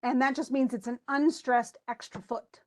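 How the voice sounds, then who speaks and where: A woman's voice: sits high, fairly even intonation, moderate pace, a little mellow. A woman teaching an English class, reading a poem aloud and then explaining its stresses with frequent restarts. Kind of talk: classroom lesson.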